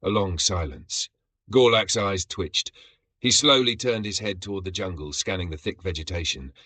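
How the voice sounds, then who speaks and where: A man's voice: low-pitched, moderate pace, pushed and bright, husky, no echo. A man narrating a sci-fi comedy story in a dramatic storytelling manner.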